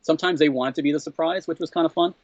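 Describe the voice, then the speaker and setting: A man being interviewed as a comedy writer, retelling a story with plenty of energy. He jumps up into a higher voice to act out what other people said, laughs along as he goes, and keeps saying "what the hell". The sound is dry and a bit dull and lo-fi. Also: rapid-fire, no room sound. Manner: animated, acts out quoted exchanges in a higher voice.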